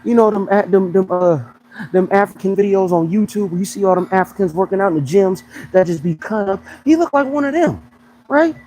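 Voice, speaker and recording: Young male fitness coach on a casual live chat: slangy and joking, with a lively voice that rises and falls a lot. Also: sits high, a little fast, poor audio. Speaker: fitness coach and pro bodybuilder.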